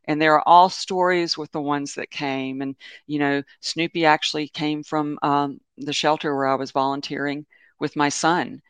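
A man's voice: on the high side, level tone, moderate pace, fairly bright tone, clear, resonant tone, dry recording. A man presenting an informal webinar talk about animals, telling stories in a meandering way that often corrects itself and leans on fillers. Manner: meandering, self-correcting storytelling with many fillers.

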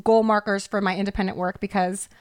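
A woman co-hosting a podcast in casual chat, animated and swearing. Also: medium pitch, fast, no room sound, clean studio sound. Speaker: podcast co-host.

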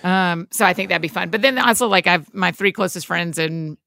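Chatty woman with a gravelly, bright voice. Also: on the low side, fairly quick, no echo. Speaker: podcast co-host. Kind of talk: casual chat and sponsor read.

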